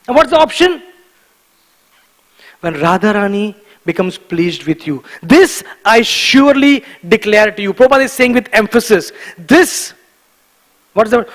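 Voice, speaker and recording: A man giving a devotional morning class in a temple, emphatic and animated, repeating key words for stress and often chuckling. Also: sits high, normal speed, in a large hall, poor audio. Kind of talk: devotional lecture. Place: temple hall.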